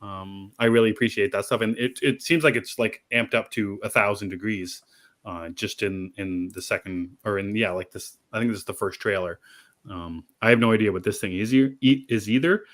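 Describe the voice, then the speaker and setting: A man's voice: lowish voice, normal speed, a bit bright. A man co-hosting a casual geek podcast, talking in a rambling way with many restarts. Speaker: podcast co-host. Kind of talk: casual chat.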